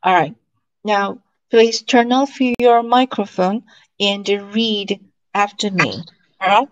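Slow, patient woman teaching pronunciation. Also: medium pitch, highs cut off. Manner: slow, patient drilling of syllables and tones. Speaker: Chinese language teacher. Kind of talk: online language lesson.

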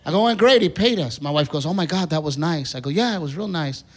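High-voiced man telling stand-up stories. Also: quick pace. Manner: animated storytelling, acting out quoted voices. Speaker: stand-up comedian. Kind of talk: stand-up comedy set. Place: comedy theater stage with live audience. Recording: live stage recording with crowd noise. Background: audience laughter and applause.

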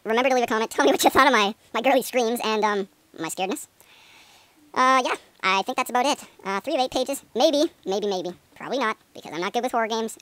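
A woman's voice: fairly high pitch, no echo. A woman playing a horror game for her channel, jittery and panicky, yelping and giggling nervously as she narrates. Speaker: gaming video creator. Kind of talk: horror game let's play. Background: loud creepy game music.

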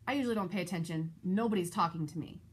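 A woman vlogger and mother telling a personal story in a casual, animated, exasperated way. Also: very fast, slightly rough. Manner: animated, exasperated retelling with shifting pitch. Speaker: parent of school-age kids.

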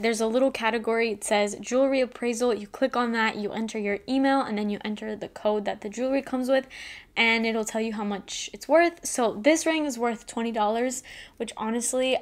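A young woman in a casual unboxing vlog, gushing and excited, with lots of "like" fillers. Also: a little high. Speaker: beauty vlogger.

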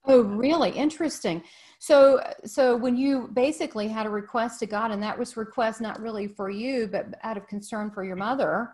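Female host, somewhat high voice, curious and encouraging. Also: moderate pace, a little mellow. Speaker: interviewer host. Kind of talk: interview questions.

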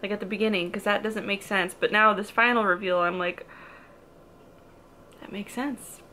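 A woman's voice: mid-range voice, steady tone, a little fast, sharp tone, slight background noise. A young woman talking casually in a reading vlog, emotional and rambling, full of "like" and nervous laughs. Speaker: book vlogger.

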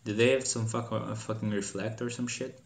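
A man hosting a gaming channel, giving casual gameplay commentary, profane and swearing freely, with animated outbursts of mock anger. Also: on the low side, moderate pace, echoey room, slight background noise.

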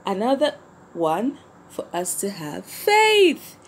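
A woman's voice: mid-range voice, huge pitch swings, slow, a little hiss or hum. A woman giving a Sunday school lesson to children in an emphatic way, repeating key phrases and putting questions to her listeners.

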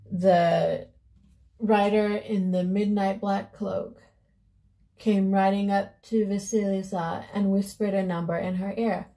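A woman vlogger telling a fairy tale casually while doing her makeup, with loose, unhurried asides. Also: medium pitch, warm tone. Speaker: beauty vlogger.

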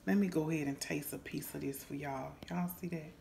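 A woman's voice: low-pitched, steady tone, fairly quick, gravelly, warm tone, a little hiss or hum. A woman hosting a home cooking vlog in her kitchen, folksy and exclaiming, calling her viewers honey and baby. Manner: exclaims and hums over the food. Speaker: cooking show host.

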